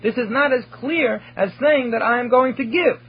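A man's voice: very high-pitched, moderate pace, slightly rough. A man teaching a recorded study lecture, explaining and translating Hebrew terms phrase by phrase. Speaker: Torah teacher. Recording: dull lo-fi recording.

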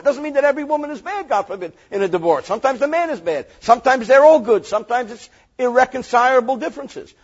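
Male rabbi, reading, lively joking lesson; raspy tone and a muffled, low-fi recording. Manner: animated, joking, reads Hebrew verses then translates. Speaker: rabbi teaching Torah.

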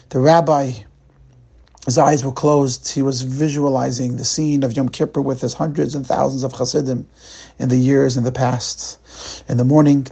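A male rabbi telling a weekly sermon story in a slow, dramatic way. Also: medium pitch, creaky, warm tone, husky.

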